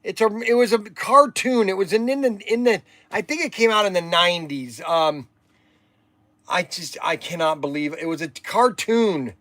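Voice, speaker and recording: A man's voice: sits high, lively intonation, moderate pace, fairly bright tone, no room sound. An older man hosting a livestream, rambling and exasperated, sighing while he chats. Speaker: livestream host.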